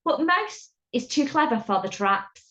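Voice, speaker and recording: A woman's voice: on the high side, sing-song, unhurried, a bit bright. A woman reading a picture book aloud to children, chatty and playful, stopping to ask the listener questions. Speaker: storyteller. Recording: dull lo-fi recording.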